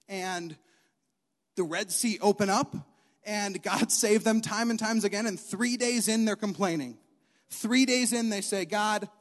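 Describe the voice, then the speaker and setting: A young man delivers a sermon in a lively, emphatic way, driving his points home by repeating them. His voice sits high for a man. The sound rings with the long reverb of a large hall. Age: young adult. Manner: animated, emphatic, repeats key lines. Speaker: youth preacher.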